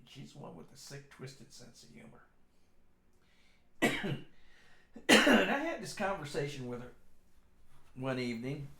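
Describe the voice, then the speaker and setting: Gravelly middle-aged man telling dark-humored stories. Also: medium pitch. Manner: dark-humored, self-deprecating, chatty. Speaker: show host. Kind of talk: casual rambling storytelling. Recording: echoey room.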